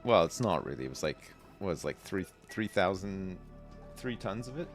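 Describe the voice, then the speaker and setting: A man's voice: low-pitched, big pitch swings, normal speed, music in the background. A man hosting a livestream, casually commenting on his gameplay, rambling and self-deprecating, and reading game text aloud. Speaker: livestream host.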